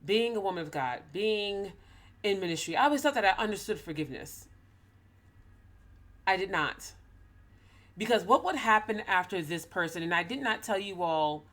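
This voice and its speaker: A woman's voice: fairly low pitch, fairly bright tone. Tearful woman sharing a personal story. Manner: emotional, tearful, earnest. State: holding back tears. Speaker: ministry host. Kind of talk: personal talk to camera.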